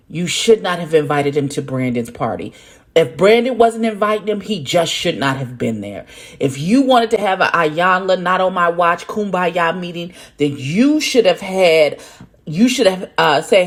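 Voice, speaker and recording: Loud, profane woman reacting to a show. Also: lowish voice. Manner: loud, profane, animated, talks back at the screen. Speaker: reaction video host. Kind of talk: casual reaction commentary.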